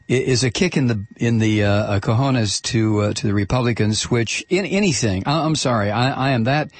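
A man hosting a political talk radio show, ranting and mocking in a halting way full of fillers, with sudden high-pitched shouts. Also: breathy edge, dry recording. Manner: halting, with many fillers and restarts.

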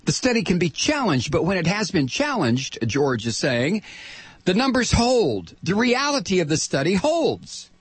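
A man's voice: sits high, very animated, measured pace, slightly rough, no room sound. An older man hosting a talk radio show, delivering a combative, sarcastic monologue.

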